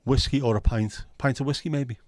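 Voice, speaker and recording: A man's voice: medium pitch, a little fast, dry recording. A middle-aged man, hosting a casual home livestream, chatting and reading out viewer comments with a sweary, easygoing manner. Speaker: livestream host. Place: at home, window nearby.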